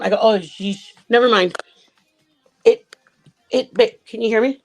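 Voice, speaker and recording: A woman's voice: fairly high pitch, a little slow, a little mellow, soft background music. A woman on a livestream panel casually recounting a chat-room dispute, rambling and often correcting herself. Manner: rambling, self-correcting retelling.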